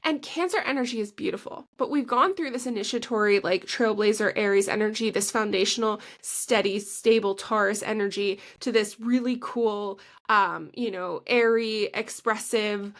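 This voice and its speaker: A woman's voice: medium pitch, moderate pace, hardly any pauses. A woman co-hosting a podcast in casual chat, chatty and gushing, filling her talk with "like" and laughing mid-sentence. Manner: chatty and gushing, heavy use of "like". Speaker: podcast co-host.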